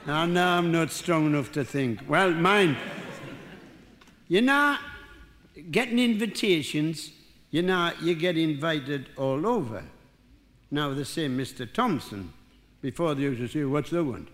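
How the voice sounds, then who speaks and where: A man's voice: a little high, expressive, measured pace, long pauses, a bit bright. An older man with a Geordie accent doing a rambling, self-mocking stand-up routine and bantering with the audience. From North East England. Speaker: stand-up comedian. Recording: live hall with faint crowd ambience.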